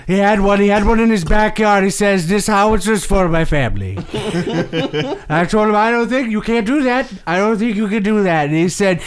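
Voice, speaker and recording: A man's voice: sits high, expressive, moderate pace. A man doing a comic impression of a boastful older male politician who rambles and repeats himself. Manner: rambling, self-congratulating, repetitive.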